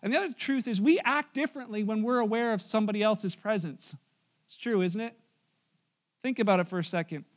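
A male pastor speaks to his congregation in an easygoing, talkative sermon. His voice sits notably high for a man. He moves between earnest teaching and lighthearted stories. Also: a little fast. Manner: conversational preaching with asides and humor.

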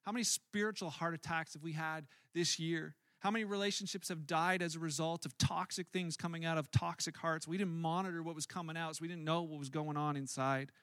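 A man preaching a sermon as a pastor, conversational and animated, acting out his own angry outbursts in stories. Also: a little high, a little fast, hardly any pauses, dry recording, studio quality.

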